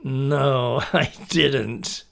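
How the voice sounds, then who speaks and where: A hidden monster that taunts a little girl in a slow, drawn-out voice with a menacing lilt, as a storyteller puts it on. The voice is gravelly and creaky, and every word is stretched out for effect. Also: medium pitch, exaggerated voice. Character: menacing deep-voiced monster hiding in a cloakroom.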